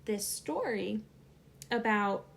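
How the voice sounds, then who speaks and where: A woman's voice: mid-range voice, lively intonation, slow, gravelly. A young adult woman, a channel host, telling a personal story casually with many fillers.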